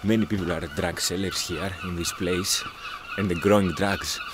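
A man's voice: sits low, fairly even intonation, moderate pace. A man from Greece, a native Greek speaker, chatting outdoors as a travel vlogger in simple, friendly non-native English. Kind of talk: casual travel vlog chat. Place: outdoors in a seaside town. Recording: outdoor noise behind.

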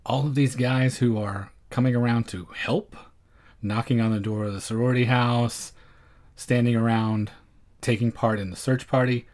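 A man's voice: mid-range voice, steady tone, normal speed, darkish tone. A man co-hosting a film podcast, chatting casually with wry, dry jokes. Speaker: podcast co-host.

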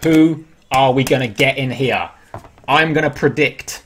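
A man's voice: mid-range voice, a little slow, fairly bright tone, slight background noise. A man with an English accent, hosting a casual livestream, chatting loosely, answering viewers' questions aloud and laughing at himself. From England. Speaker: livestream host. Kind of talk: casual live-stream chat.

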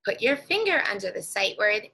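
A woman teacher leading a guided reading lesson for young children, speaking slowly and encouragingly and stretching out words. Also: mid-range voice, sing-song, pushed and bright, breathy edge, rough recording.

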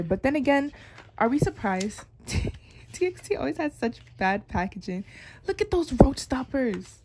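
A woman's voice: high-pitched, very animated, unhurried, background noise. A young woman chatting playfully as she unboxes an album, laughing and complaining dramatically. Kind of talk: casual unboxing chat.

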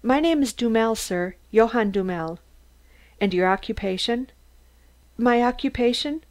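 Audiobook figure: woman reading an anxious young valet, stammering, pitched a little high. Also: animated, a little slow, a little mellow, dry recording. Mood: nervous. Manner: stammers, hesitant.

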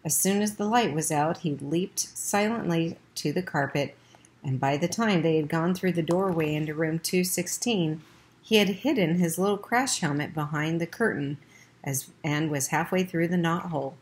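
A woman's voice: sits low, moderate pace. A woman reading a children's chapter book aloud in a plain amateur audiobook style, with small slips. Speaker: audiobook reader.

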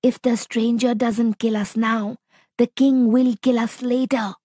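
A woman voicing a nervous young alien boy in a storybook reading, speaking in a worried, hushed way. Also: fairly high pitch, steady tone, a little slow, no echo, studio quality.

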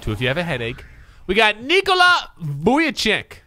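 Excitable bright-voiced male streamer. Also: sits high, normal speed. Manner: loud, excitable, swears, talks to chat. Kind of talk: excited live-stream chatter.

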